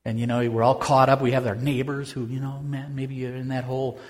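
A man preaching a conversational sermon as pastor, swinging from loud bursts to hushed tones. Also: mid-range voice, level tone, fairly quick, long reverb tail.

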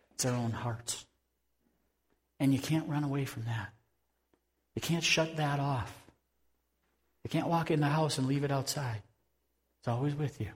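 Man preaching in a reverberant hall. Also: mid-range voice. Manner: conversational preaching, swings from loud to hushed. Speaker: pastor. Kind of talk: sermon.

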